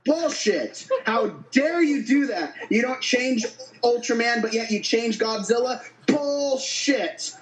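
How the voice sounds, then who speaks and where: A man on a podcast delivering a furious, profanity-packed comedic rant, often shouting. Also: very high-pitched, animated, slow pace. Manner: angry, swearing, shouting. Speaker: podcast co-host. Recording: roomy echo.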